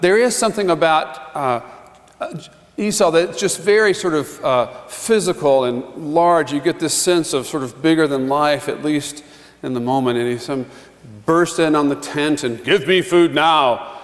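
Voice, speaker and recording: Pastor preaching in a reverberant church. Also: male voice, fairly high pitch, moderate pace. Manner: conversational, chuckling asides, acts out quotes. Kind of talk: sermon. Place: church sanctuary.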